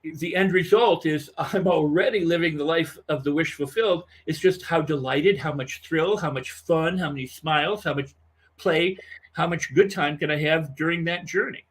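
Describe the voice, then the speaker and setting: A husky man with a fairly high voice speaks as a guest in a conversational interview. He is animated and emphatic and piles up repeated phrases to drive a point home. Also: normal speed.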